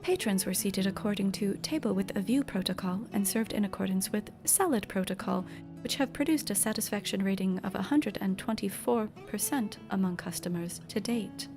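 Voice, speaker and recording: A polite service robot waiter from a game, voiced by a woman, reciting stiff procedural reports. The voice has a gravelly, creaky edge and stays at a middling pitch. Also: moderate pace, music in the background, close to an everyday voice. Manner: reads stiff protocol reports aloud.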